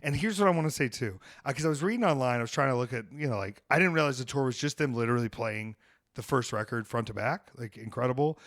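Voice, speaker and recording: A man hosts a podcast and tells a story in loose, casual chat. He is animated and swears freely, slipping into the voices of the people he quotes. His voice sits at an ordinary middle pitch, and the close mic sounds dry, with no room around it. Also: fast, no echo. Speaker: podcast host.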